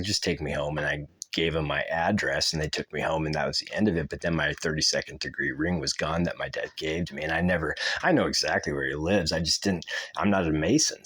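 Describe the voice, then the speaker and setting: A man's voice: extremely low pitch, a bit bright, breathy edge. A man hosting a podcast, talking in a casual, rambling way, full of swearing and tangents. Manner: rambling, profane, laughs mid-sentence. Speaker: podcast host.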